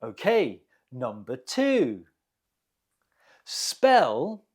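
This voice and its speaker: Slow, deliberate English teacher man. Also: on the high side, sing-song. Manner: slow, deliberate model pronunciation. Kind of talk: quiz lesson.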